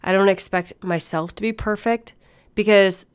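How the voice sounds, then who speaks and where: A woman's voice: medium pitch, steady tone, moderate pace, clean tone. A woman coach telling a casual, blunt story with frequent swearing and laughter. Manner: blunt and profane, laughs often. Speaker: fitness and nutrition coach.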